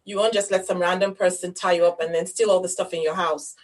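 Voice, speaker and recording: A woman's voice: on the low side, steady tone, fast. Sarcastic woman in group chat. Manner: sarcastic, incredulous. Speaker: podcast co-host.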